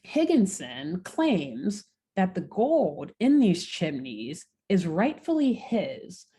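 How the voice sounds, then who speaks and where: Podcast co-host, woman, fairly low voice, lively casual storytelling with swearing. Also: slow, husky. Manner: animated, swearing, laughing storyteller. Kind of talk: casual recap chat.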